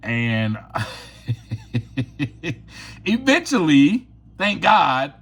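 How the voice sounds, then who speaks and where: A man tells his own story on his podcast, candid and confessional, with laughter breaking in here and there. His voice sits a little high and swings widely in pitch as he talks. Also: very animated, very slow, fairly bright tone, husky. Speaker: podcast host. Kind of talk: personal storytelling monologue.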